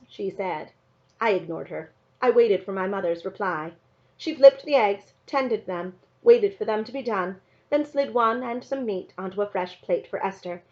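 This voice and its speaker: A woman teacher reading a novel aloud to her class in a measured, calm narrating voice. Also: medium pitch. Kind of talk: storybook read-aloud narration. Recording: dull lo-fi recording.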